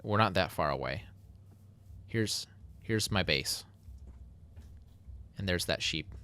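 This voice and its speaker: A man's voice: sits low, lively intonation, slow pace, pushed and bright, smooth. A man casually narrating his building game, chatty and self-mocking. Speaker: Minecraft YouTuber. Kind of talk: casual gameplay commentary.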